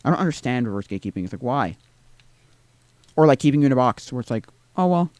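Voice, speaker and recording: A man streams a video game live, rambling to himself with tag questions and drifting into exasperated rants. His mid-range, slightly mellow voice is expressive and fast, with no room sound.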